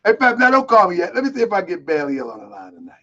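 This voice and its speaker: A man from Baltimore hosting a live online show, talking loud, boisterous and streetwise, calling people out. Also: high voice, huge pitch swings, rapid-fire, muffled recording. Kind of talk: casual live-stream talk.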